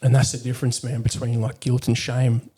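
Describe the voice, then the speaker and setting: Blunt, swearing man, mellow. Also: medium pitch, monotone, a little fast, a little hiss or hum. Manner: blunt, heavy swearing, frequent fillers. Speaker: podcast guest, military veteran. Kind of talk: candid conversational storytelling.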